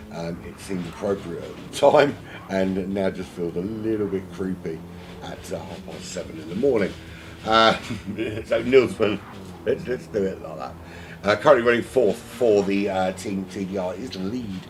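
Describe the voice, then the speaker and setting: A man with a South London accent calls a sim race alone from his home, drifting into jokey, self-mocking asides. His voice sits low. A steady hiss of background noise runs under the recording. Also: normal speed. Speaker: sim racing commentator. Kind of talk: solo race commentary.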